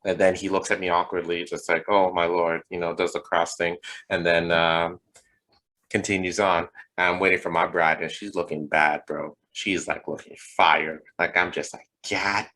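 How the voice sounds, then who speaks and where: A young man with a low, hard-edged voice rambles through a comic story on a casual podcast. He swears freely and stacks one riff on another. His delivery stays loose and animated. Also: moderate pace, poor audio. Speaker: podcast co-host. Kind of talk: casual comedic chat.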